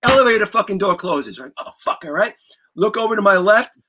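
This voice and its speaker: A middle-aged man telling a story on a talk show guest spot, animated and vivid, swearing freely and acting out scenes. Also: high voice, brisk. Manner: vivid, profane, acts out scenes. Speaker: guest musician.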